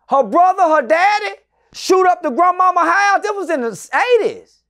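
Loud, profane high-voiced man in his forties. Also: animated, normal speed. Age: 40s. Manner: loud, profane and emphatic, often shouting; swings between loud bursts and low, muttered asides. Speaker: interview guest. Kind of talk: animated storytelling in an interview.

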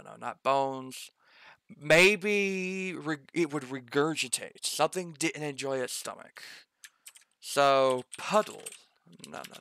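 A man's voice: fairly high pitch, bright, forceful tone, dry recording. A man game master thinking aloud as he builds a dungeon map, muttering corrections to himself and noting he has slipped into an odd accent.

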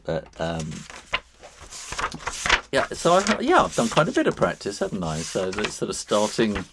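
A man's voice: fairly low pitch, background noise. A man hosting a live drawing stream, chatting with viewers as he works. He talks in a rambling way, chuckles often and uses many fillers.

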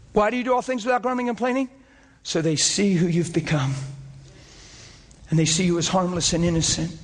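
A man's voice: a little high, long reverb tail. A man preaching a sermon to a congregation, impassioned and full of rhetorical questions that rise to emphatic peaks. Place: church service before a congregation.

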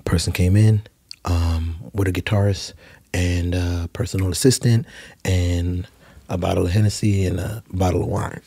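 A man from the Virgin Islands with a Caribbean lilt tells a long story on a studio podcast mic. His voice sits low and husky, and he rambles along in a loose, slangy, laid-back way. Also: steady tone, moderate pace, dark tone. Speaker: podcast guest, songwriter. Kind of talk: animated storytelling.

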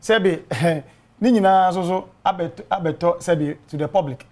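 A man's voice: sits high, unhurried, a little mellow. A man with a Ghanaian accent, a panel guest in a heated political debate, emphatic and repeating himself as he mixes Twi and English.

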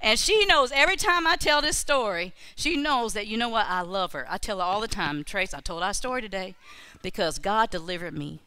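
A woman preaching a storytelling sermon, animated and exhorting, repeating key phrases to the congregation. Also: high voice, dry recording. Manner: animated, acts out her own prayers and inner voices. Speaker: church speaker.

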